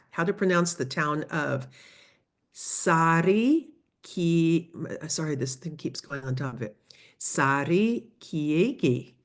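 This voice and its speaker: A woman teaching a lively online language lesson, coaching students through phrases over a video call. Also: deep voice. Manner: lively, coaching, switches between English and Spanish phrases. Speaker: Spanish teacher.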